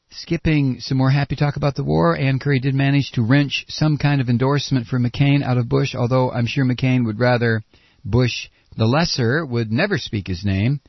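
A man's voice: medium pitch, moderate pace, no room sound, lo-fi sound. A man hosting a satirical radio show, sarcastic and ranting. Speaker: radio comedy host. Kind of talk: satirical commentary.

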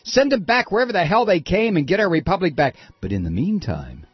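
A man's voice: high voice, big pitch swings, brisk, slightly rough, no room sound, muffled recording, soft background music. A man hosting a radio talk show, ranting with scornful, mocking commentary. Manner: scornful, mocking, rising to anger.

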